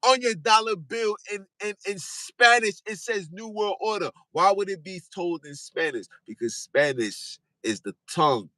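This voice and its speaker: A man's voice: high voice, lively intonation, moderate pace, few pauses, dry recording, poor audio. Fiery, insistent man with a raised voice. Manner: repetitive, insistent, rising to shouts. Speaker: podcast host. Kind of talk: fiery monologue preaching.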